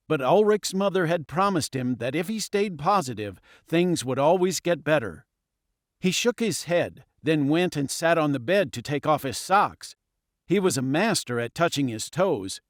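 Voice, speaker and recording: A man reading a children's storybook aloud with lively, expressive swings in pitch. His voice sits a little high and is recorded close and dry in a studio. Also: dry recording. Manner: expressive, dramatic. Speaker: audiobook narrator. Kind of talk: scripted storybook narration.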